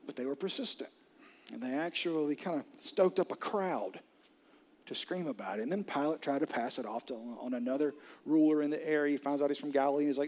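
Male pastor, sermon delivery, dramatic storyteller, slightly high voice. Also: a little fast. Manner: dramatic storytelling, drops to near whispers and rises to loud outbursts.

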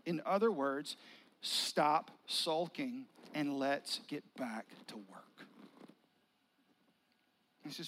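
A male pastor preaches by retelling a story in a casual, vivid way. His voice sits high for a man. He keeps it conversational rather than formal. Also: very slow, pauses often, a bit bright, slight background noise, rough recording. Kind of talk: sermon.

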